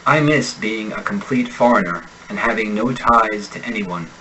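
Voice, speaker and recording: A man with a General American accent, an accent instructor reading example sentences and single words slowly and deliberately in a pronunciation lesson. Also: lowish voice, sharp tone, a little hiss or hum, poor audio. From United States. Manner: slow, deliberate enunciation of sample words.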